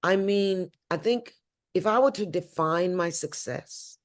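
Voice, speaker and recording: An older woman from St. Louis, a guest talking emotionally in an interview, swinging from loud high exclamations to low hushed tones. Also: unhurried. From St. Louis, USA.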